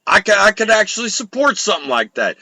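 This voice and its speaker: A male show host rants in a heated, sarcastic way, swearing freely. His voice sits high and swings widely up and down, with a gravelly edge. The sound is dry and close, with no room echo. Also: very animated, quick pace, bright, forceful tone. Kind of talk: profane live political rant.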